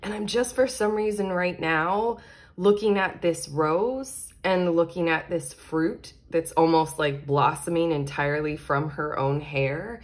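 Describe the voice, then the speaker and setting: A woman giving a casual tarot card reading, excitable and chatty, laughing often and filling her talk with "like" and "you know". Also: low-pitched, a little slow. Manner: excitable, giggly, chatty with many fillers. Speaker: tarot reader.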